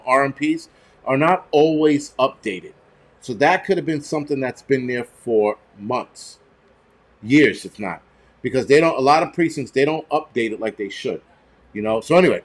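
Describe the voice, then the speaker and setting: A man, hosting a prepper channel and telling stories in a heated, profane, rambling rant. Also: medium pitch. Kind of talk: casual ranting monologue.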